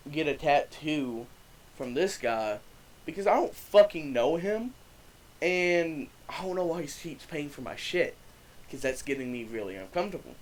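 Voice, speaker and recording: A man's voice: on the high side, low-quality recording. A young man telling a story and chatting about his channel in a loose, profane, rambling way with frequent restarts. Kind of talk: casual storytime vlog.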